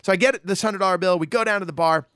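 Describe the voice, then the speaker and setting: A middle-aged man telling a loose, animated anecdote from his days in a band, full of "you know" and "like". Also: high voice, quick pace, clear, resonant tone, no echo, clean studio sound. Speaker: musician telling a story. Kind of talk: casual anecdote storytelling.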